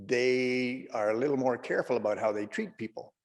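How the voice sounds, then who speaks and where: A man's voice: mid-range voice, a little fast, in a large hall. A man doing stand-up comedy, telling a long, rambling anecdote.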